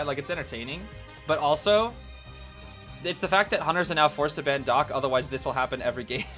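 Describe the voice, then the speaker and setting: Excitable young man with a lively voice. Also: on the high side. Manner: excitable, shouts and cries out in despair, slangy. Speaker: gaming commentator reacting to a tournament. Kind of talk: casual reaction commentary. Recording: faint background music.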